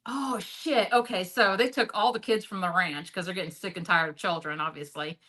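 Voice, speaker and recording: A woman guest in an interview, telling a story bluntly with a lot of swearing and filler words, swinging from high excited bursts to low muttered asides. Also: moderate pace, rough recording. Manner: blunt and heavily profane, leans on "like" as a filler; animated, jumps up and drops low in pitch and loudness. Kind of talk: candid storytelling in a sit-down interview.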